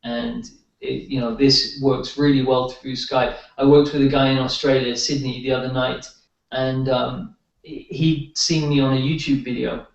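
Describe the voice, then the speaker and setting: A man's voice: medium pitch, little pitch movement, normal speed, creaky. A man telling rambling stories in casual conversation, with many restarts, as a guest healer. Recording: roomy dull sound from far off.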